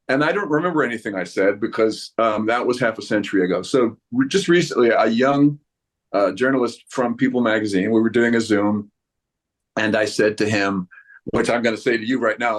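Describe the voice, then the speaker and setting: Older male actor guest, playful self-mocking storyteller, mid-range voice, animated delivery. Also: medium pitch. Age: 70s. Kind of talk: anecdotal interview storytelling.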